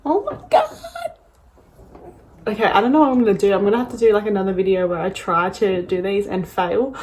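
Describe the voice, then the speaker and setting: A young woman, gushing and gasping with excitement as she unboxes in a casual vlog, sometimes dropping to breathy whispers. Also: medium pitch, fast, a little hiss or hum. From Australia. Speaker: vlogger.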